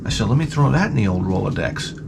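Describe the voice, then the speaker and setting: A man hosting his own channel, telling crude, rambling comic stories and breaking into sudden high-pitched outbursts. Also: animated, quick pace, gravelly, noisy background. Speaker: channel host.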